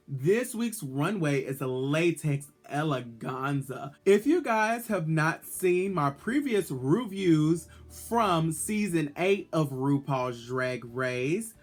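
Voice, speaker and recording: Sassy chatty man with a higher voice. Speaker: drag queen vlogger reviewing an episode. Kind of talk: casual video review.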